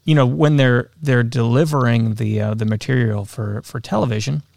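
A man co-hosts a podcast in a relaxed, measured voice with a gravelly edge, often pausing on fillers. The sound is dry and close to the mic. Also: medium pitch, dry recording. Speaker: co-host. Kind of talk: casual podcast chat and ad read.

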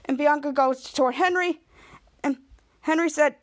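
High-voiced woman rambling through a recap. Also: moderate pace. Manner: rambling retelling with restarts, acting out quoted lines. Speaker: podcast host. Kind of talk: casual episode recap.

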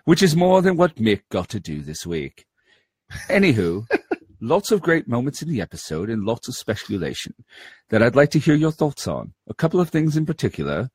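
A man's voice: mid-range voice, sing-song, moderate pace, darkish tone, slightly rough, no echo, clean studio sound. A man co-hosting a podcast in casual, joking chat, reading out a listener's message. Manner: jokey, laughing banter. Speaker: podcast co-host.

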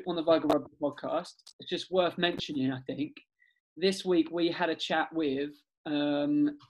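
Chatty higher-voiced man on a podcast. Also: low-quality recording. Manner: chatty, laughs often, excitable. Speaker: podcast host. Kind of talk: casual chat.

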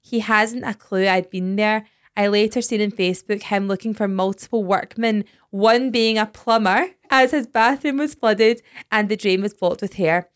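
A Scottish woman speaking close to the mic in a dry, dead-sounding space. She talks casually and playfully, with giggly asides and quick jokes. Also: mid-range voice, clean tone, dry recording. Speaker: podcast co-host. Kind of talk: casual chat, reading out a confession.

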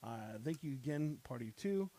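This podcast host is a man with a mid-range, warm voice, speaking at normal speed in an animated way. He freestyle raps in a loose, rambling style, then drifts into casual chat and jokes with his guests.

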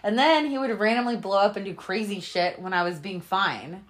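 A woman in casual chat with a friend, close to the mic. She tells her stories in a loud, profane, animated way, with her voice sitting in an ordinary middle pitch. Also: normal speed. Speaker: podcast host.

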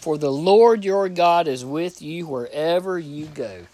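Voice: medium pitch, animated, unhurried, hardly any pauses, mellow, no echo. A preacher giving a plain-spoken, folksy sermon, reading scripture aloud and repeating phrases for emphasis.

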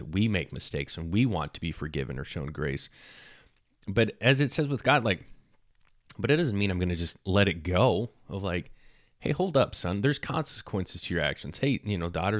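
A man's voice: low-pitched, no room sound, clean studio sound. A man hosting a podcast, talking earnestly about fatherhood with frequent fillers, restarts and repeated words. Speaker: podcast host. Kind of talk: casual faith talk on fatherhood.

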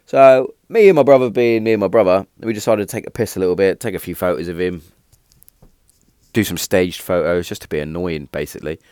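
A man in his thirties casually telling rambling stories, lively at the punchlines, with many restarts. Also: low-pitched, a little fast, clear, resonant tone, no room sound, studio quality. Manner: rambling, animated when telling a punchline, frequent restarts and fillers. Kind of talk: casual storytelling.

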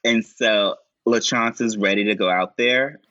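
Slow, halting man recapping a scene. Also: sharp tone, no room sound, highs cut off. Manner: slow, halting recap with frequent fillers and high-pitched quoted lines. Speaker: podcast co-host recapping a show. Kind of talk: casual chat, acting out scene dialogue.

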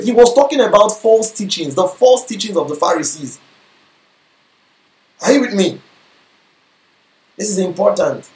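A man's voice: sits high, lively intonation, normal speed, pauses often. A man preaching a sermon, often checking in with the congregation with questions like whether they follow him. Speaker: pastor. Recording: echoey room.

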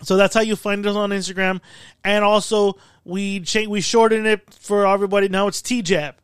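A man's voice: high-pitched, normal speed, clear, resonant tone, no room sound, studio quality. A man hosting a podcast in casual chat, telling stories animatedly and swearing often. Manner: profane, animated storytelling. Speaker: podcast host. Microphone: studio mic.

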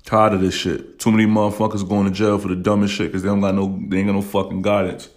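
Blunt, profane low-voiced man ranting. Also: little pitch movement, quick pace. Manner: blunt, profane, emotional, heavy use of "you know what I'm saying". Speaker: podcast host. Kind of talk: casual podcast rant.

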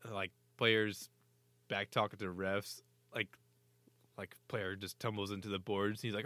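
A man's voice: fairly low pitch, level tone, unhurried, sharp tone, no echo. A man co-hosting a hockey chat, telling stories animatedly, laughing and swearing. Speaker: hockey podcast co-host. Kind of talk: casual sports banter.

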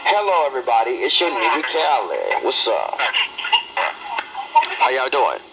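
A man's voice: medium pitch, huge pitch swings, a little slow, gravelly. A man in his thirties hosting a casual phone chatline show, rambling loosely and repeating himself with stumbles. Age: 30s. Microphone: telephone. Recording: noisy phone line.

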